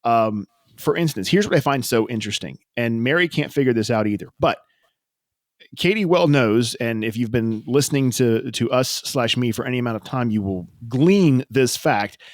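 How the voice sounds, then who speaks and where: A man co-hosting a radio podcast, joking and wordy with halting restarts. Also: mid-range voice, lively intonation, dry recording, clean studio sound. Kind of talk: casual chat.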